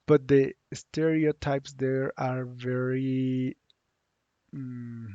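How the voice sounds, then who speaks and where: A man from Mexico, teaching a lesson online and saying the model phrases slowly so learners can repeat them. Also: medium pitch, little pitch movement, dark tone, clear, resonant tone, dry recording, muffled recording. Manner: slow, drawn-out model phrases for repeating aloud. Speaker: Spanish teacher.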